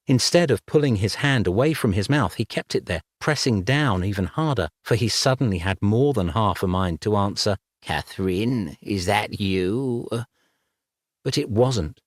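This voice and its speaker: A man reading a dark fantasy novel aloud as scripted narration, in a measured, even way. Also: fairly low pitch, no room sound, clean studio sound. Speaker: audiobook narrator.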